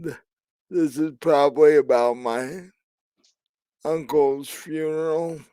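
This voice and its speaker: A man voicing a young woman who is agitated over a family emergency, talking in a hurried way. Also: on the high side, fairly even intonation, dark tone, clean tone, no echo.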